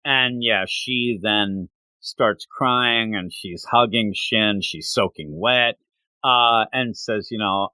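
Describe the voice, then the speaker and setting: A man co-hosting a manga review show in casual chat, retelling scenes in an animated way with quick asides. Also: on the low side, dry recording. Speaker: podcast co-host reviewing manga.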